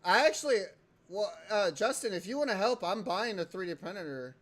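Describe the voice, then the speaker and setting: A young man hosting a casual livestream, swearing often and breaking into loud excited outbursts while he plays a game. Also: sits high, moderate pace. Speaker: livestream host.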